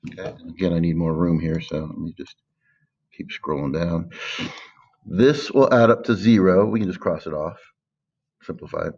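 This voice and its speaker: A man's voice: deep voice, dull audio. A man teaching math in a screen-recorded lesson, patiently stressing key words and thinking aloud with fillers.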